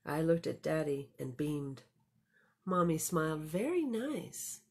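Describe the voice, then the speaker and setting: A woman librarian reading a picture book aloud to children, expressive and storytelling, with chatty asides. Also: sits low, unhurried, creaky, husky.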